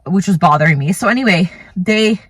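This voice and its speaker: A woman's voice: fairly low pitch, lively intonation, brisk, fairly bright tone, husky, no echo. A woman in her thirties casually telling a personal story, chatty and rambling, full of "like" and "you know.". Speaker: vlogger, mother telling a birth story.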